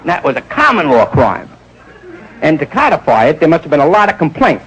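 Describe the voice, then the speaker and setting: A man's voice: a little high, sing-song, a little fast, fairly bright tone, husky, muffled recording. A man around forty doing an improvised stand-up monologue, rambling and digressive, with muttered asides. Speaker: stand-up comedian.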